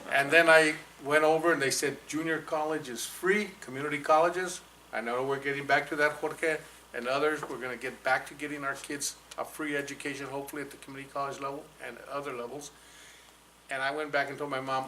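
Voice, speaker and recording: A man in his sixties from New Mexico, telling an animated personal story to a live audience at a college fireside chat and slipping into Spanish for quoted lines. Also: medium pitch, quick pace, a little hiss or hum, low-quality recording. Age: 60s. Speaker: guest speaker. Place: college event hall with audience.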